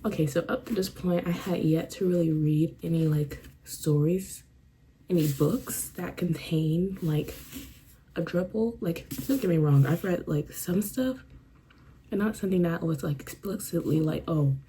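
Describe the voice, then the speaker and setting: A woman's voice: on the low side, a little slow, dark tone, slight background noise, low-quality recording. A young woman chatting casually in a book vlog, rambling with lots of fillers and a little out of breath. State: a bit out of breath. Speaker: book vlogger. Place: room at home with a fan running. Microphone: camera on a stand.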